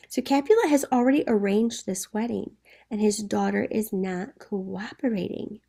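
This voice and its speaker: A woman's voice: mid-range voice, moderate pace, vocal fry, dark tone, breathy edge. A woman teacher explaining a play to students in a conversational way, often checking in with rhetorical questions.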